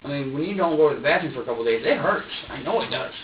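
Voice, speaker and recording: A man's voice: fairly high pitch, expressive, racing, slight background noise. Rambling, swearing man in an echoey room. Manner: rambling and profane, full of restarts, acts out his own thoughts. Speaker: suspect being questioned. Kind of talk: police interrogation, rambling account. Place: interrogation room. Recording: distant, echoey, dull room recording.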